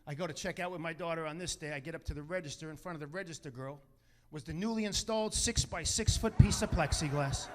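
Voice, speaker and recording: A man doing a brash, profane stand-up comedy set, telling stories and acting out quotes with loud punchlines. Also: a little high, fast, slight background noise. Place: comedy stage with a live audience.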